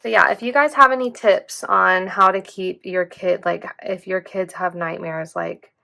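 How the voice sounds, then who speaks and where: Chatty young woman with some vocal fry. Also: fairly low pitch, steady tone, unhurried, sharp tone. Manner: chatty, rambling, says "like" often. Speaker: planner vlogger. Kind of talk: casual chat while planning.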